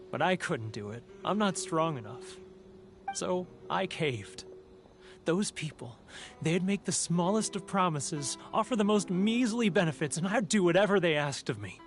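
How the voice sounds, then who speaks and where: A timid merchant eaten up by guilt and homesickness in a video game. He speaks in a slightly raised voice, sighing and pleading as he confesses. Faint game music plays underneath. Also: high voice. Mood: anguished. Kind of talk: game voice acting.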